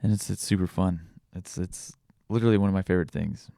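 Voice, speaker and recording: A man in his thirties talks through a reflective podcast monologue, candid and rambling, often restarting his sentences. His voice sits very low with a gravelly fry, and the recording is dry and close. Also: fairly even intonation, fast, mellow, dry recording. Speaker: podcast host.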